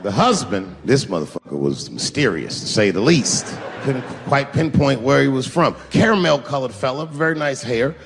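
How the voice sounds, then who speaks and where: A man's voice: mid-range voice, lively intonation, normal speed, vocal fry, hardly any pauses, noisy background. A middle-aged man doing stand-up comedy on stage, telling loose, profane stories full of acted-out quotes. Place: comedy stage before a live audience.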